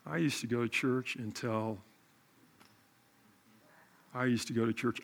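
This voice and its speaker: A middle-aged male pastor telling a story in a sermon, animated and self-mocking. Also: medium pitch, a little slow, gravelly.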